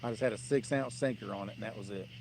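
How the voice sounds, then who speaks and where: Against a noisy background, a man with a fairly low, gravelly voice talks fast. He's hosting a fishing livestream from a riverbank at night, telling blunt, meandering stories in a dismissive, ranting way.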